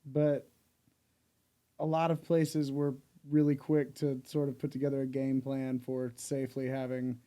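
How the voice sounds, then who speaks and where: Mellow-voiced musician, relaxed and dry. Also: male voice, mid-range voice, unhurried. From southern Mississippi. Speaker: musician guest. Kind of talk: interview conversation.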